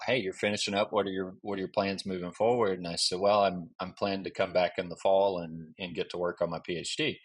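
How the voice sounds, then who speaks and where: This Southern-accented guest historian, an Alabama man in his thirties, tells a long, rambling story packed with fillers and restarts. His voice is low-pitched and a bit bright, in a relaxed interview setting.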